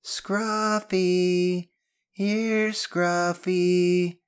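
A man voicing a bold, grinning boy who leads his friends, brash and loud. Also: low voice, big pitch swings, normal speed. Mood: shouting.

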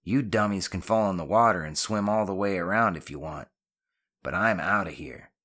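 A man's voice: low voice, normal speed, a bit bright. A man voicing a nervous, skeptical boy who sputters in disbelief. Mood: refusing.

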